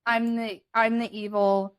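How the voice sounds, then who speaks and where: A woman's voice: a little high, flat delivery, unhurried, clear, resonant tone, no room sound. A young woman co-hosting a podcast, telling a family story in a blunt, candid, casual way. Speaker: podcast co-host. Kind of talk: casual chat.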